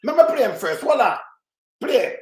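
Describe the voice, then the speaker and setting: A Jamaican man hosting a heated live stream, cursing and often shouting. His voice sits very high, and the room rings with echo around him. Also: sing-song, moderate pace. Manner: profane, ranting, shouts often. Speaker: livestream host.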